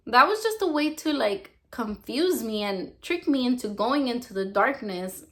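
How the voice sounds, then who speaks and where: A woman's voice: a little high, lively intonation, moderate pace, few pauses, fairly bright tone. A young woman telling her personal religious testimony in a casual, rambling way, filling her speech with "like" and "you know.". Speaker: vlogger sharing a religious testimony.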